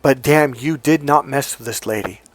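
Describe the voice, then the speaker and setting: A middle-aged man giving an emphatic, profane motivational talk as a relationship coach. He swings between loud commands and quiet asides. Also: mid-range voice, moderate pace, no echo, soft background music.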